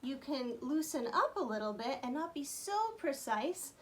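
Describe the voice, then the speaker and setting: A woman's voice: sits high, animated, moderate pace, heavy background noise. A woman fiddle teacher talking through a lesson in a chatty way, counting beats aloud as she explains. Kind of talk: friendly instructional talk.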